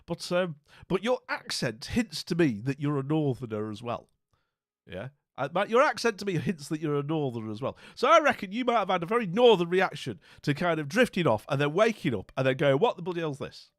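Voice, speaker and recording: A man's voice: on the high side, big pitch swings, fairly quick, fairly bright tone, no echo, clean studio sound. Rambling, chatty streamer man. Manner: rambling, friendly, many fillers and restarts. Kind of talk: casual chat.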